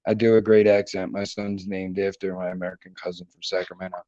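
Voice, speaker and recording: A man's voice: sits low, level tone, quick pace, dark tone, dry recording, highs cut off. A man with a Philadelphia accent hosting a casual, profane, joking chat show from home. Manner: jokey, profane, slips into mock accents. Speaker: podcast host. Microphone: computer mic.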